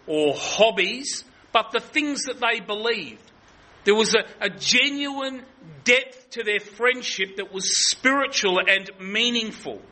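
Bright high-voiced male preacher. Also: poor audio. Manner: earnest expository preaching with frequent restarts. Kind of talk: sermon.

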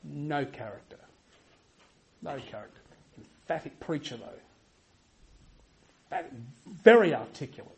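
A man preaching a sermon emphatically, repeating himself for weight and swinging from loud to quiet. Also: fairly high pitch, sing-song, moderate pace, pauses often, slight background noise, poor audio. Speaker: pastor.

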